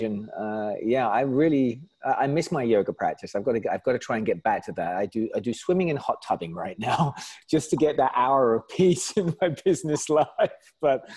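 A man with a southern English accent, a company founder chatting as a guest in an interview over a video call, talkative and quick to laugh. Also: on the low side, a little mellow, slightly rough. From south of England. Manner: chatty, laughs easily, frequent restarts. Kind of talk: casual interview chat.

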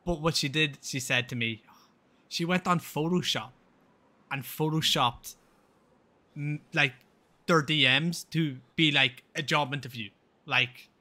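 Streamer, young guy, very bright voice, rambling animated storyteller, swears a lot. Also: medium pitch. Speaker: game streamer. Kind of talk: casual storytelling while gaming.

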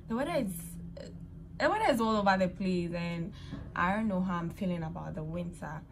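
This woman's voice sits lowish, with a slight hiss or hum in the audio. Vlogging casually on a handheld phone, she chats and laughs a lot despite being tired and cold from winter, moving from outdoor winter streets to her home.

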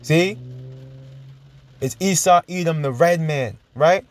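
A man preaching and teaching from scripture, emphatic and chuckling, drawing out verses slowly as he reads. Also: fairly high pitch, dry recording. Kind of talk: sermon-style Bible teaching.

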